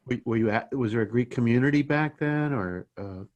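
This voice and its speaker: A man's voice: mid-range voice, brisk, darkish tone, highs cut off. A man interviewing for an oral history project, asking encouraging questions with hesitant restarts.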